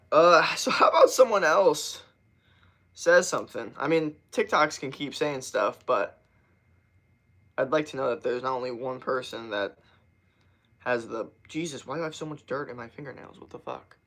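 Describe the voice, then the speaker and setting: A young man streaming live and talking straight to his chat in a loose, rambling way, with swearing in nearly every sentence. His voice sits at an ordinary middle pitch for a man. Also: animated, normal speed, pauses often, fairly bright tone. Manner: loose, rambling and heavily profane. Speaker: livestreamer. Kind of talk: casual livestream chat to viewers.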